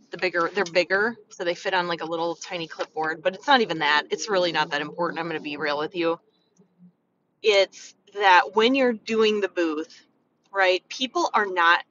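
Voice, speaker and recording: A woman vlogging casual, frank business advice as a beauty consultant, talking chattily and acting out customers in quick asides. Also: on the low side, sharp tone, recorded from a distance, muffled recording, a little hiss or hum. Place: in a car on the way to set up.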